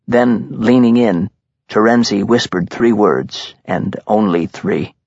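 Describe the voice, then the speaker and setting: A man reading a crime story as an audiobook narrator, in a measured, tense style. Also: lowish voice, gravelly, breathy edge, dry recording. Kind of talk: scripted dramatic narration. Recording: dull lo-fi recording.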